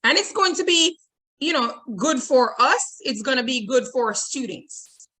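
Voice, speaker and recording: A woman's voice: high-pitched, expressive, measured pace, noisy background. A woman leading an online teacher training, repeating her points and checking in with "okay?" and reading audience comments aloud. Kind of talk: webinar presentation.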